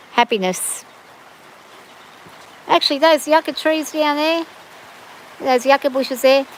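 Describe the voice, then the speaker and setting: A high female voice with a little hiss or hum comes through in poor audio. The speaker, a middle-aged woman with an Australian bush accent, chats loosely to viewers on a livestream from her farm, outdoors while it rains.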